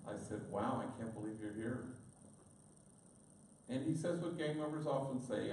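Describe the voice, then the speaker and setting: A man's voice: mid-range voice, normal speed, long pauses, a little mellow, slight background noise. A man, a priest, giving a storytelling talk to an audience and slipping in Spanish words. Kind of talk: storytelling speech. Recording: distant echoey room recording.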